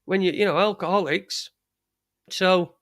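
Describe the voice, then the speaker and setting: A man hosts a laid-back live stream, cursing openly and wandering through his talk with hesitant restarts. His voice is fairly high for a male and fairly bright in tone. The audio is dry and close-miked, with no room echo.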